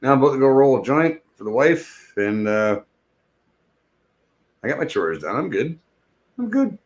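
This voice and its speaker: A man's voice: medium pitch, animated, normal speed. A middle-aged man chatting casually on a live stream in a rambling, jokey way, with lots of swearing.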